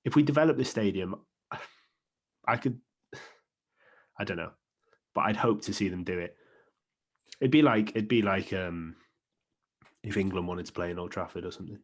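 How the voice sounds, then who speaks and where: A young Welsh man with a Welsh accent, co-hosting a sports podcast in casual, animated chat. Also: sits low, normal speed, pauses often. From Wales. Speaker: podcast co-host.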